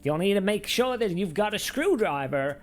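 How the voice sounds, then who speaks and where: A man's voice: high voice, lively intonation, soft background music, voice pushed up. Man doing a mock American reviewer voice. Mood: mock-cheery. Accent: put-on American. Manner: slow, upbeat, mock presenter patter. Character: breezy adult male American sim-rig reviewer.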